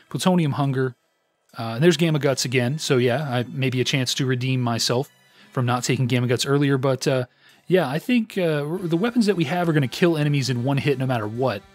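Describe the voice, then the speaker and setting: A man hosting a let's play, commenting on his own gameplay in a rambling, self-deprecating way with lots of fillers. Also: mid-range voice.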